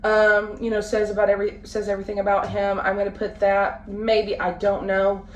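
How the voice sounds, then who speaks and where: A woman in her late twenties, a family vlogger talking casually to the camera at home, halting and full of fillers and restarts. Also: mid-range voice, completely flat delivery. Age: late 20s. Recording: roomy, from a distance, faint background noise.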